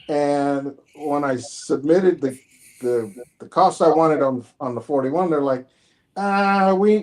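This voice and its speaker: A middle-aged man casually telling a long story in a group chat, acting out each side of the conversations he recounts. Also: on the high side. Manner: animated anecdote telling, acts out both sides of conversations. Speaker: car collector guest. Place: home, online group stream.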